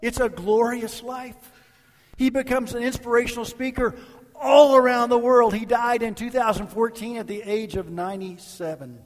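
A middle-aged man, a guest pastor, telling stories in a sermon, swinging from loud bursts to near whispers. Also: very high voice, fairly even intonation, moderate pace, in a large hall. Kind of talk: sermon with altar call. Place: church sanctuary.

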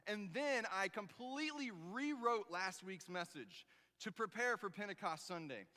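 A bright, high-voiced man preaches to his congregation, telling a story with lively, animated emphasis. His voice rings with the long reverb of a church sanctuary, and he punches quoted lines loudly. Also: normal speed. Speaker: pastor. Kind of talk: sermon.

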